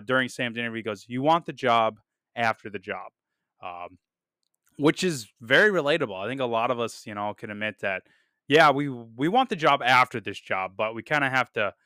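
A man's voice: medium pitch, bright, forceful tone, clear, resonant tone, no room sound, studio quality. A man hosting a casual movie review podcast, chatting loosely with many fillers and restarts. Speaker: podcast host.

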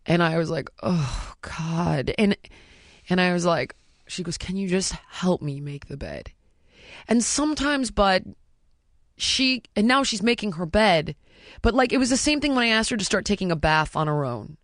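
A woman's voice: mid-range voice, expressive, normal speed, fairly bright tone, no echo, studio quality. Blunt, swearing woman podcast host. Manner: frank and blunt, swears freely, storytelling. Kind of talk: candid casual podcast chat. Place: podcast studio.

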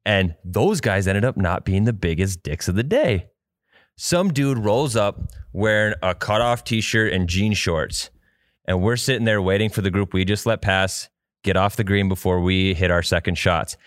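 A deep-voiced man co-hosts a podcast, rambling through a lengthy story over casual talk and swearing freely. He keeps a moderate pace, and the recording is dry and studio quality.

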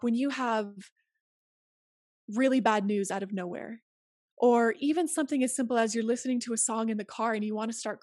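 A woman's voice: a little high, no room sound, clean studio sound. A woman speaking as an interview guest, earnest and emphatic as she gives advice in casual conversation. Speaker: podcast guest.

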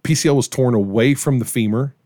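A middle-aged man, a pastor, casually telling a story to his co-hosts with lively acted-out quotes. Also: mid-range voice, a little fast, no echo, clean studio sound. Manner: animated storyteller, acts out quoted voices.

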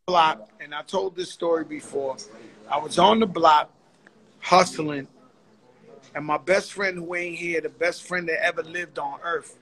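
A man's voice: fairly high pitch, steady tone, a little slow, fairly bright tone. A man hosting a casual interview over a video call, telling stories in loose, slangy banter. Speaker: host.

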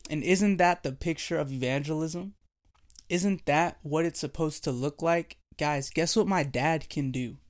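A young man preaching a devotional sermon, telling a childhood story with animated, playful delivery. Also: fairly high pitch. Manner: animated storytelling, acting out voices and laughing.

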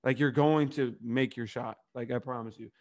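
A man's voice: medium pitch, fairly even intonation, normal speed, a little mellow. A young man co-hosting a podcast, talking loosely with lots of fillers and swearing. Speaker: podcast co-host. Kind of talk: casual chat.

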